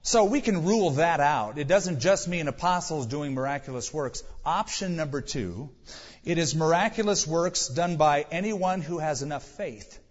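A man preaching a sermon, working through numbered points with rhetorical questions and sudden bursts of emphasis. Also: moderate pace. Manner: sudden rises in pitch and volume for emphasis. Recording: long hall reverb, dull lo-fi sound.

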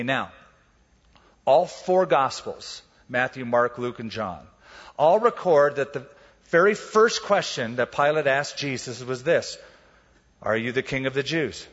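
A man, preaching a sermon as a pastor and telling it with lively storytelling. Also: fairly high pitch. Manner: animated storytelling, acts out quotes. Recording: dull, echoey hall recording.

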